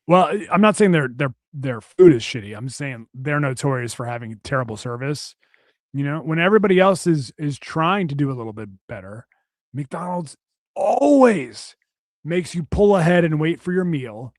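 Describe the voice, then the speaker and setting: A man's voice: a little high, animated, normal speed, no echo. Male podcast co-host, casual ranter, curses freely, dry studio sound. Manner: profane, ranting, rambling with restarts.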